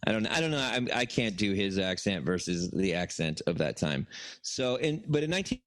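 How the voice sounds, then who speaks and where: A man's voice: low-pitched, very animated, moderate pace, no room sound. A man co-hosting a podcast, telling a story casually in a rambling, profane way, full of fillers and restarts. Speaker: podcast co-host.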